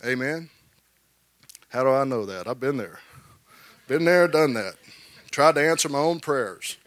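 A man preaching a sermon, animated, repeating words and calling for amens from the congregation. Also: medium pitch, measured pace, no room sound.

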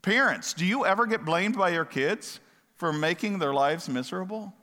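A man delivers a sermon in a bright, fairly high voice. He keeps it conversational, firing questions at his listeners and drifting into asides. A long reverb from the hall hangs behind every word. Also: expressive, normal speed. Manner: conversational, asks the congregation questions, digresses. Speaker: pastor.

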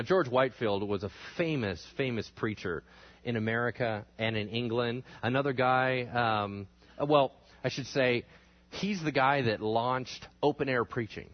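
A man teaching a church history class in a casual, animated storytelling way, acting out the people he talks about. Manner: animated storytelling, acting out quotes with big pitch swings. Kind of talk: classroom lecture. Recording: dull lo-fi recording.

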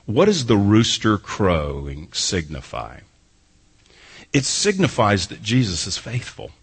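A pastor with a fairly low, breathy-edged voice preaches an expository sermon slowly, with huge swings in pitch. He reads a scripture passage, then explains it, driving points home through emphatic repetition.

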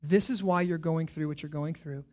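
Pastor guy preaching, high voice, goes quiet then loud, lots of questions. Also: fairly even intonation, moderate pace. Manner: emphatic preaching, rhetorical questions, swings from hushed to loud. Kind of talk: sermon.

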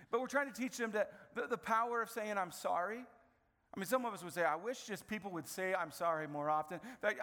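A man in his thirties preaching a sermon as a pastor, telling family stories in an animated way and acting out the scenes. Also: sits high, big-room sound.

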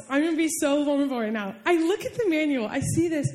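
A woman's voice: high voice, expressive, a little fast, darkish tone. A young woman giving a casual, emotional sermon, telling personal stories in a chatty way full of "like"s. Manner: chatty, many "like"s, emotional storytelling. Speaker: preacher.

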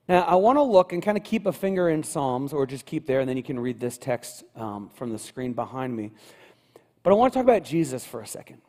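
A male pastor preaching a sermon in a church, building rhythm through repeated phrases and swinging between quiet and loud. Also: medium pitch. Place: church sanctuary. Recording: long hall reverb.

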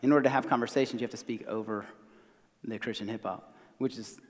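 A hoarse man in his thirties with a Southern American accent, preaching a sermon in a conversational, self-deprecating way. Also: medium pitch, steady tone, fast talker, big-room sound. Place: church sanctuary.

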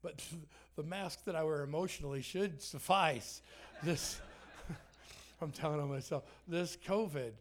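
A man's voice: fairly high pitch, unhurried, a little hiss or hum. A man preaching a sermon in a church, joking and self-deprecating, with frequent restarts. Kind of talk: sermon with humor. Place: church sanctuary.

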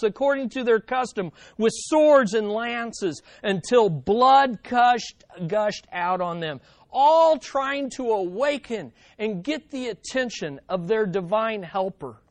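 Dynamic preacher with hushed asides. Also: medium pitch, animated, slow, few pauses, no echo. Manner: conversational, addressing the congregation directly. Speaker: pastor. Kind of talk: sermon.

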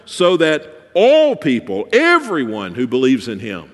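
Guy preaching a sermon, really animated up and down delivery, echoey church hall. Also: mid-range voice, unhurried. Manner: preaching with swings between soft and emphatic. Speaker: pastor.

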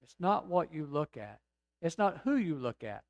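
Preaching man with a higher voice. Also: very animated, no echo, lo-fi sound. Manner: preaching with emphatic swells and quiet, slow reflective stretches. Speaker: pastor. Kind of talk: sermon.

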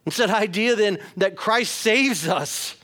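A man's voice: sits high, takes it slowly, fairly bright tone. A middle-aged man preaching a sermon as a pastor, earnest and talking straight to his listeners, at times turning emphatic. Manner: earnest, rising to emphatic, uses direct address.

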